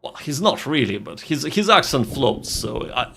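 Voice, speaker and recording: A man's voice: medium pitch, very animated, moderate pace, vocal fry, few pauses, bright, forceful tone, slightly rough. A man streaming a game and commenting casually, thinking aloud, repeating phrases and reading game text.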